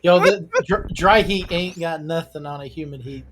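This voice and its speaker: A man co-commentating a live speedrun race, excitable and bantering, cheering big plays. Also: a little high, normal speed, noisy background. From Midwest. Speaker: game co-commentator.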